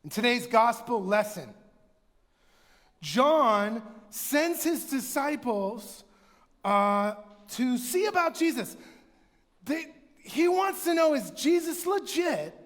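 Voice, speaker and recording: A man with a very high voice preaches a sermon in a chatty, animated way, now and then raising his voice to a shout. The long reverb of a church hall trails after his words. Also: slow, long pauses. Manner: conversational, animated storytelling with bursts of shouting. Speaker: pastor. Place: church sanctuary.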